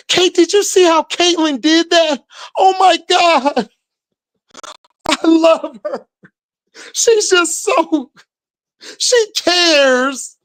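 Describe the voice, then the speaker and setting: A man's voice: extremely high pitch, animated, drawn-out words, pauses often, a bit bright. A man hosting a livestream, casually commenting and reacting to chat, drawling and laughing often in slangy talk. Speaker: livestream host.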